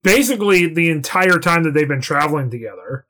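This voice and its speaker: A podcast co-host talks through ideas in a casual, analytical way, at length and in detail. The voice sits at an ordinary middle pitch. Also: animated, a little fast, fairly bright tone. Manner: analytical, talkative. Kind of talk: casual discussion.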